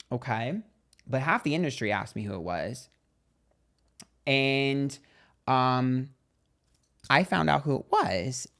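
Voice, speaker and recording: A man's voice: medium pitch, fairly bright tone. Chatty young man gossiping on a livestream. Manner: chatty, gossipy, swears freely. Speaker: tarot reader and livestream host. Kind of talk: casual livestream chat.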